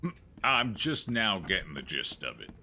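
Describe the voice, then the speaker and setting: A man streaming a horror game, joking and yelling at the action as he plays. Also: low voice, moderate pace, gravelly, slight background noise. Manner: excitable, jokey, yells at the game. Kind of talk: gameplay commentary.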